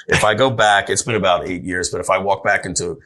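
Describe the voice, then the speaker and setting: A man telling his story as a podcast guest, animated and full of restarts. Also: deep voice, a little fast. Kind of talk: storytelling in a casual interview.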